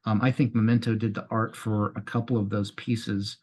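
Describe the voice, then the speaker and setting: A man's voice: fairly low pitch, flat delivery, moderate pace, a little mellow, breathy edge. Hesitant man with many fillers. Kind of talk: casual interview chat.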